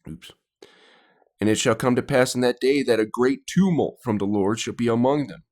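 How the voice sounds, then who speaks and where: Brief: male reaction host, mid-pitched, relaxed and agreeable. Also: normal speed. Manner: agreeable, easygoing. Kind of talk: casual reaction chat.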